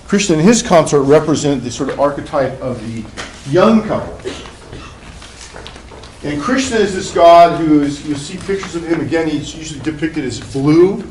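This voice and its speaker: A man's voice: a little high, lively intonation, normal speed, a little mellow, slight background noise, poor audio. Chatty male professor lecturing with fillers. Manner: conversational storytelling, many fillers and restarts. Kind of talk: classroom lecture.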